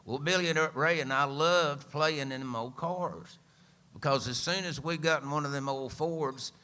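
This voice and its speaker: Live on a radio show, a man in his seventies with an East Tennessee accent tells a folksy story with dry humor. The singer-songwriter and storyteller speaks at a moderate pace in a higher voice that is sharp and clean.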